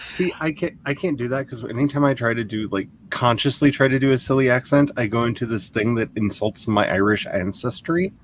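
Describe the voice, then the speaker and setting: A man in casual stream chat, animated and laughing often. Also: medium pitch, brisk, few pauses, a little hiss or hum.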